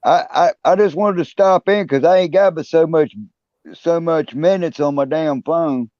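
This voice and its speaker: A man's voice: on the high side, moderate pace, darkish tone, no echo. A man calling in by phone to a casual chat, easygoing and profane as he agrees with the others. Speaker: caller on a prepaid phone. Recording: muffled, dry phone call.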